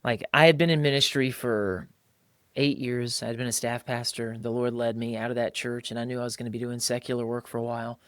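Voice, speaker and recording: A man's voice: mid-range voice, level tone, brisk, dry recording, clean studio sound. A man co-hosting a casual podcast, talking colloquially, calling people "bro" and mimicking others' voices when he quotes them. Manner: colloquial, calls listeners "bro". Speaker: podcast co-host.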